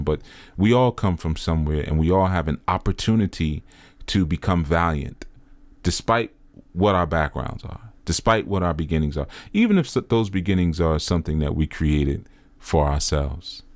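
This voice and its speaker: A man's voice: low-pitched, no room sound. A middle-aged man giving earnest, preacher-like commentary, repeating phrases for emphasis. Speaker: spiritual teacher commenting on a video. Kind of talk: reflective commentary monologue.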